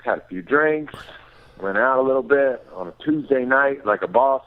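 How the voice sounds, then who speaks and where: A man's voice: medium pitch, expressive, moderate pace. A man calling into a podcast, chatting casually and upbeat. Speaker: caller. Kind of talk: casual phone chat. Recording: tinny phone line.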